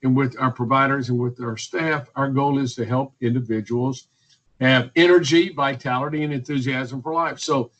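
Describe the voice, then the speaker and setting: A man's voice: mid-range voice, steady tone, moderate pace, a bit bright, dull audio. A man, speaking as a physician guest in a radio interview, emphatic and repetitive, listing points one by one. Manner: emphatic, repetitive, list-making.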